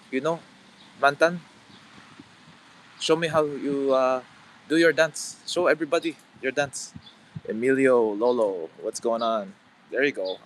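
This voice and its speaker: A man's voice: fairly low pitch, slight background noise, poor audio. A man in his thirties hosting a casual live stream outdoors, rambling with lots of fillers as he talks to viewers. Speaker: livestream host. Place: outdoors, about to head into work.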